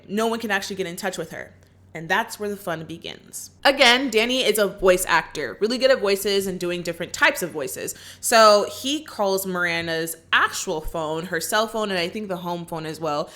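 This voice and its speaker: A woman's voice: mid-range voice, pushed and bright. A woman casually recapping a film plot in a chatty way, full of asides and fillers. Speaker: film reaction reviewer.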